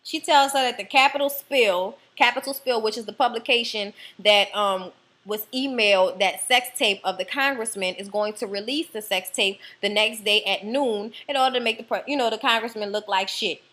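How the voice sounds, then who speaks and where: Woman, New Orleans accent, casual ranting TV recap, swears constantly, chatty, animated, somewhat high voice. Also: moderate pace. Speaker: TV episode reviewer.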